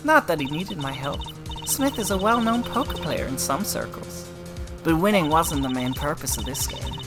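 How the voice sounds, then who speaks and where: A woman's voice: low-pitched, animated, normal speed, over music, pitched above the performer's own voice. A woman voicing a brash, cocky female card dealer testifying in a game courtroom. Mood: smug.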